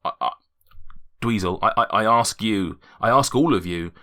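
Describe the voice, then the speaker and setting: A man's voice: on the low side, normal speed, bright, forceful tone. A man voicing an urgent woman town leader. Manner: urgent, pleading.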